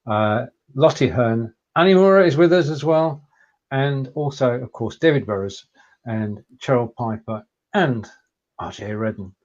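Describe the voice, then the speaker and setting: A man co-hosting a live video show, announcing dates and explaining plans in a steady, casual way. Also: mid-range voice, lo-fi sound. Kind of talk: casual live-stream chat.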